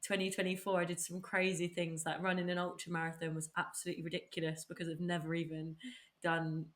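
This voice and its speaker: Bubbly woman host, slightly low voice. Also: completely flat delivery, fast. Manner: bubbly and enthusiastic, laughs often. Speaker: podcast host. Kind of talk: casual podcast chat.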